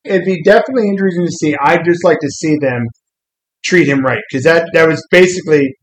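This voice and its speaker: Animated man retelling comic scenes. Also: fairly high pitch, quick pace, low-quality recording. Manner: animated storyteller, acts out quotes. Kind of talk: casual chat about comics.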